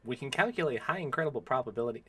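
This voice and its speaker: A man's voice: mid-range voice, animated, rapid-fire, sharp tone, breathy edge. A man in his twenties bantering playfully in casual stream chat, trading mock threats with a friend. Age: 20s.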